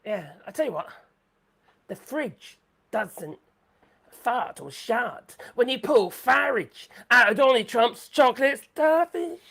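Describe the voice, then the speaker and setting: A woman hosting a live stream in rambling chat, excitable, swearing freely and laughing a lot. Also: on the high side, takes it slowly, gravelly, husky.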